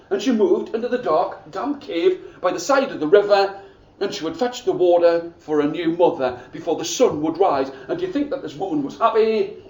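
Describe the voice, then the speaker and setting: A man storytelling to schoolchildren in an expressive way, asking them to join in, recorded from far off in an echoey school room. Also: high voice, moderate pace, muffled recording. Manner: expressive, asks the audience to join in.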